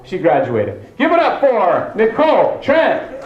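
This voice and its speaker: A man's voice: sits high, unhurried, very noisy. A man doing stand-up comedy as host of a show, joking with the audience and acting out quoted people. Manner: joking, animated, mock-dramatic quotes. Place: comedy club stage. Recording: echoey lo-fi club recording. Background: audience laughter.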